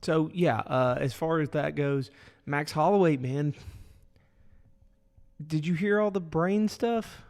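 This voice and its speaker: Gravelly-voiced man rambling on a podcast. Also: fairly high pitch, slow pace. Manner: rambling, filler-heavy, animated. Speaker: podcast co-host. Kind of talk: casual podcast chat. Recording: echoey room with long reverb.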